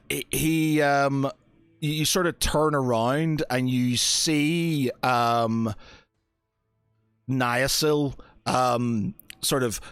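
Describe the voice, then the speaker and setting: A man's voice: mid-range voice, a bit bright, dry recording. A man narrating as game master of a tabletop game, hesitant and full of fillers.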